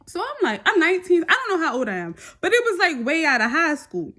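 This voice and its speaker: A young woman, telling a story in a sassy, animated vlog style. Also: very high voice, fast.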